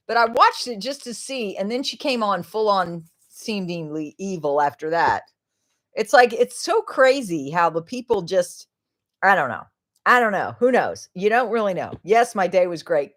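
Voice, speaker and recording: A middle-aged woman hosting a casual livestream, chatting in a rambling way, laughing often and trailing off mid-sentence. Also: medium pitch. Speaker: livestream host.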